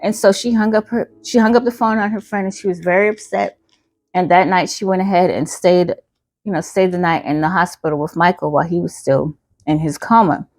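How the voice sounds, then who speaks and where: Brief: chatty woman storyteller, lowish voice, very dry close sound, faint music under, rambling with fillers. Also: darkish tone, no room sound. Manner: rambling, filler-heavy, self-correcting. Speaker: channel host, storyteller. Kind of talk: casual storytime narration.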